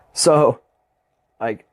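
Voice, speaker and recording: A young man hosting his own podcast, ranting bluntly and passionately with constant swearing in a casual monologue. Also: no echo. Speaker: podcast host.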